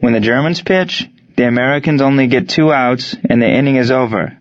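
A man voicing a proud German prisoner of war who speaks in stiff, formal, measured phrases. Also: mid-range voice, no room sound, voice pushed up, close to an everyday voice. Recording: dry, dull lo-fi sound.

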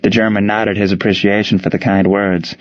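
Male narrator, low voice, steady storytelling read, dry and slightly muffled recording. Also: fairly quick, dry recording. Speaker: audiobook narrator. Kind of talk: scripted narration.

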